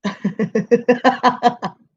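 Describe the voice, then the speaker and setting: A woman's voice: on the high side, steady tone, drawn-out words, husky, muffled recording. A woman hosting her own livestream in casual chat, rambling, laughing often and swearing freely. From American city. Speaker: livestream host.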